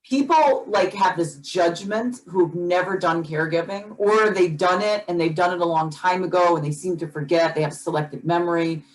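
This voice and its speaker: A woman's voice: on the low side, normal speed, hardly any pauses, poor audio. A woman co-hosting a podcast in casual chat, talking earnestly and passionately, often restarting and repeating words as she gets worked up. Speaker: podcast co-host.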